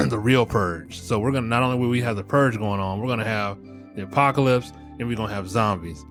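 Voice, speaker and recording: A fairly low-voiced middle-aged man talks a little fast over soft music, hosting his podcast as a relaxed comedy monologue. Swearing and laughing often, he stays animated and speaks directly to y'all out there.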